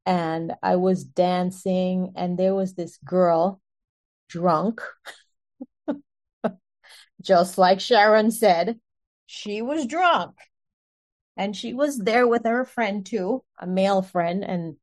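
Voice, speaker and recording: A woman telling her own story in an earnest, animated way, often breaking into short laughs. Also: on the low side, slow pace, pauses often. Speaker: speaker sharing a personal testimony. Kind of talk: personal storytelling.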